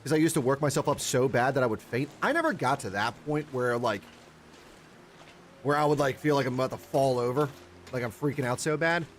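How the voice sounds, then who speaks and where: A man's voice: medium pitch, brisk, a little hiss or hum. A young man streaming a survival game, chatting casually with his viewers, rambling and swearing a lot and greeting chatters by name. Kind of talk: casual gaming livestream chat.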